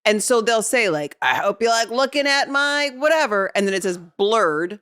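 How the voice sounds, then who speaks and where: A woman's voice: fairly high pitch, expressive, moderate pace, a bit bright, smooth. A woman co-hosting a podcast, bantering playfully in casual chat. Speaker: podcast co-host.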